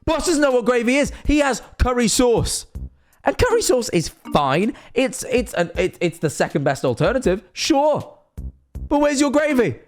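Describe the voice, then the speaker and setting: Lively young man. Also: extremely high pitch, moderate pace, faint music behind. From northern England. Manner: animated, cheeky, swears casually. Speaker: streamer and vlogger. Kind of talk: casual rambling monologue to camera.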